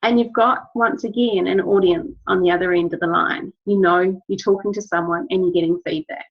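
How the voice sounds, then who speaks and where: A lowish, steady-toned female voice with a breathy edge moves along briskly. She is a wellness business trainer giving her team an instructional talk, encouraging and earnest, with repeated key phrases, all captured in a dull lo-fi recording.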